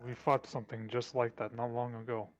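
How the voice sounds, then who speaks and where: A man playing a tabletop game, talking for his character in an easygoing, relaxed way. His voice is of ordinary middle pitch. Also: brisk, muffled recording. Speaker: player.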